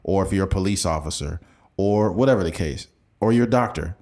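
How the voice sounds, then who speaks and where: Deep-voiced man telling stories on a podcast. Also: fairly quick. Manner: relaxed, profane storytelling. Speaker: podcast host. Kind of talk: casual chat.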